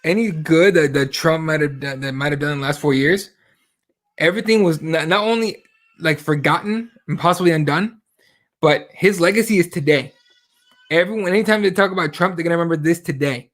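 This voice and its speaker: A man co-hosting a casual show, ranting with heat and plenty of swearing, slipping into impressions of the people he quotes. His voice sits a little higher than most men's. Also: brisk. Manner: heated and profane, mimics voices while retelling. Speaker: podcast co-host. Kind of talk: casual chat about current events.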